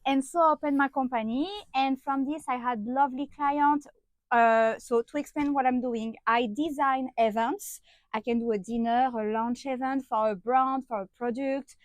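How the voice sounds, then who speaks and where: A woman's voice: sits high, steady tone, moderate pace, no room sound, low-quality recording. A woman with a French accent, chatting as a podcast guest with many filler sounds and restarts. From France. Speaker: podcast guest, event designer. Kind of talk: casual interview chat.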